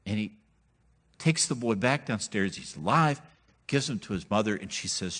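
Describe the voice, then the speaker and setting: A man's voice: on the low side, normal speed. A man preaching a sermon as pastor, telling the story in a conversational, humorous way and acting out the characters he quotes. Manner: animated, acts out quoted characters.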